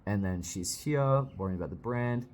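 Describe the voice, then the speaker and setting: Brief: young male reviewer, lowish voice, casual jokey read-along talk, faint room hiss. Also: expressive, moderate pace, darkish tone. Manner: chatty, jokey, reacting while reading aloud. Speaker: manga reviewer.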